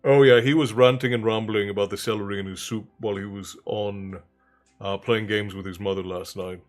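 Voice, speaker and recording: A man's voice: lowish voice, fairly even intonation, brisk. Man, livestream host, casual rambling chat, read-aloud storytelling, faint background music. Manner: rambling, chatty, greets viewers warmly by name.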